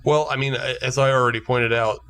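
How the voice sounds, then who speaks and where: A man's voice: medium pitch, fairly even intonation, brisk, fairly bright tone, clear, resonant tone. A man co-hosting a podcast in casual chat, laughing often and joking at his own expense. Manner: laughs often, jokey and self-mocking. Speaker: podcast co-host.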